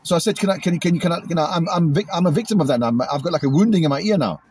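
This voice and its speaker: A British man venting angrily in a vlog, repeating himself and imitating loud bangs, recorded outdoors. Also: fairly high pitch, racing, breathy edge. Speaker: vlogger. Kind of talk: agitated monologue to camera. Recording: outdoors in a cemetery.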